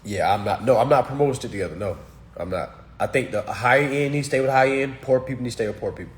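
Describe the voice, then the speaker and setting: Male livestream host, mid-pitched, blunt and sermonizing, constant "okay?" check-ins. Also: fast. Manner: preachy, blunt, keeps checking in with "all right?" and "okay?"; emphatic and repetitive, hammering single words. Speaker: livestream host answering viewer comments. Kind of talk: casual livestream monologue.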